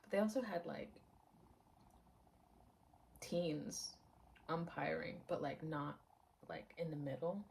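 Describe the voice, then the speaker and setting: A woman's voice: low-pitched, takes it slowly, gravelly, long pauses, a little mellow, slight background noise, rough recording. A woman in her twenties chatting casually to camera at home, rambling, laughing often and dropping into half-whispers. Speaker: vlogger.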